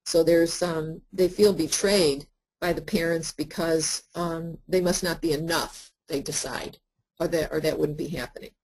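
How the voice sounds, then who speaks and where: Woman, therapist, teaching workshop, earnest, conversational, filler words, low-ish voice. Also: fairly even intonation, measured pace, darkish tone, husky, low-quality recording. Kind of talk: lecture to practitioners.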